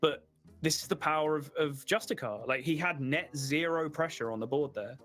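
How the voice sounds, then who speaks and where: A man's voice: on the high side, normal speed, fairly bright tone, soft background music. A man casting a live card game tournament, explaining plays at length with lots of casual fillers. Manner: analytical, filler-heavy explaining. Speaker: esports caster.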